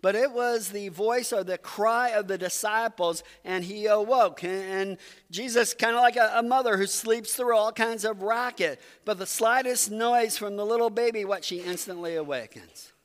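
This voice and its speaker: High-voiced man preaching in a reverberant hall. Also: normal speed, a bit bright. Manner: conversational, earnest storytelling preaching. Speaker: pastor. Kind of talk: sermon.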